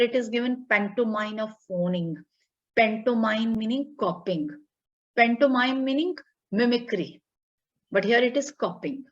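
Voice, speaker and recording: A woman, teaching a class online, repeating her points and checking in with students. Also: a little high. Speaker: English teacher. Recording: dull lo-fi audio.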